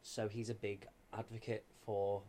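A man's voice: on the low side, little pitch movement, a little slow, mellow. A man in his twenties from Liverpool with a Scouse accent, chatting as a guest in a theatre dressing room, hesitant with many fillers. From Liverpool, England. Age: 20s. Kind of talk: casual chat.

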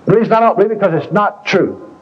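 A doubting woman stops a preacher and gets flustered when pressed, as a man puts her on in a high voice. Her replies come halting and defensive. The sound is a dull, lo-fi tape. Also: a little hiss or hum, natural voice. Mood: stubborn. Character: skeptical woman confronting a preacher.

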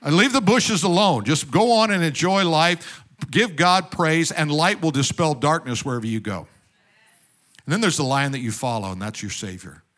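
Male preacher, slightly high and bright voice, casual sermon with soft asides. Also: normal speed. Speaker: pastor.

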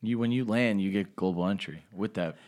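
A man co-hosting a casual podcast, speaking in halting, agreeable bits and often backing up the others. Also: on the low side, a little mellow. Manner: halting, agreeable, backchannels a lot. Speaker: podcast co-host.

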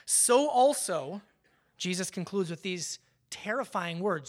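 A man preaching a sermon as pastor, conversational, with emphatic swells and hushed drops, often repeating words as he restarts a phrase. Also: high-pitched, lively intonation, slow pace.

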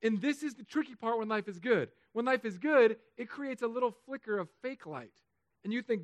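A man preaching a sermon as pastor, emotional, swinging between loud urging and soft, hushed stretches. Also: very high voice, animated, fairly quick, no room sound.

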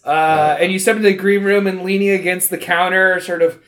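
An easygoing game master narrating a tabletop game in front of a live audience. The voice sits mid-pitch and moves at a relaxed pace, and the narration often breaks into laughter. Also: fairly quick. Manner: laughing often, casual and loose.

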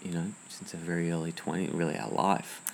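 Woman, very deep voice, supportive podcast co-host, casual chat. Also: fairly even intonation, brisk, creaky, darkish tone, a little hiss or hum. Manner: supportive, affirming listener, frequent murmurs.

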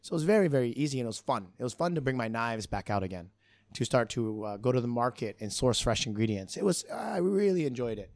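A middle-aged man, a bartender, telling his story in a relaxed, rambling way with frequent restarts. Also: mid-range voice, quick pace, gravelly, dry recording. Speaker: bartender guest. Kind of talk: casual storytelling in an interview.

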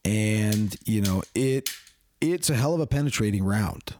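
A man's voice: lowish voice, lively intonation, unhurried, darkish tone, slight background noise. A man, a podcast guest and firearms collector, talking casually in a rambling way full of fillers and restarts. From Canada.

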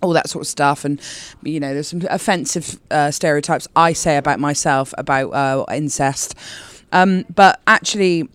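A woman from Bristol with a Bristolian accent, chatting in an interview as a comedian guest in a rambling way full of quick asides. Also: deep voice, clear, resonant tone, no room sound. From Bristol, England. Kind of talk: casual interview chat.

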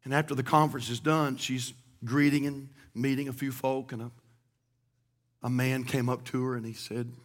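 A male pastor preaching a sermon, moving from hushed, emotional storytelling to loud, shouted proclamation. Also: medium pitch, level tone, moderate pace.

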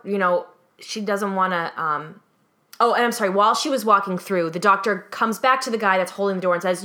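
This podcast co-host is a young adult woman whose medium-pitched voice moves fairly quickly. She's an animated storyteller in a relaxed conversation, voicing each person who appears in her tale.

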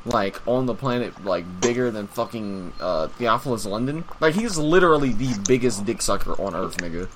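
A young man co-hosting a podcast, talking in casual, profane, animated bursts. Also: fairly low pitch, moderate pace, few pauses, a little hiss or hum. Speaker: podcast co-host. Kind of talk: casual chat.

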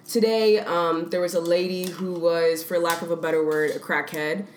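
A woman's voice: fairly low pitch, steady tone, normal speed. A young woman co-hosting a podcast, telling a story in casual chat and laughing through the punchlines. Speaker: podcast co-host. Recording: echoey room with faint noise.

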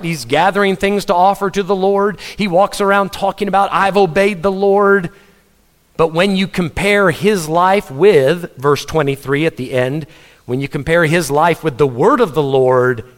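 Emphatic man preaching a sermon. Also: fairly high pitch. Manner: emphatic preaching with rhetorical questions and quick repeated words. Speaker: pastor.

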